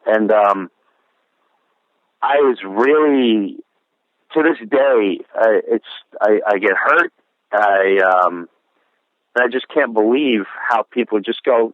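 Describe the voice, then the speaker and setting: A man's voice: fairly low pitch, takes it slowly, long pauses, dry recording. A middle-aged man, a comedian guest, telling a story in an interview, sincere and reflective, slipping into voices for the people he quotes. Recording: dry tinny phone-like line.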